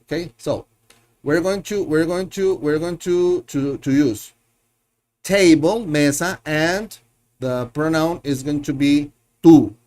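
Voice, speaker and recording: A man's voice: on the high side, takes it slowly, darkish tone. A man teaching a live online Spanish lesson, patiently repeating words and drilling his learners, often correcting himself as he thinks aloud.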